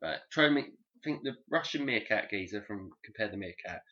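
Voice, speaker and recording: A man's voice: fairly low pitch, expressive, normal speed, dull audio, noisy background. A man hosting a casual podcast chat, rambling, joking and swearing freely. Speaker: podcast host.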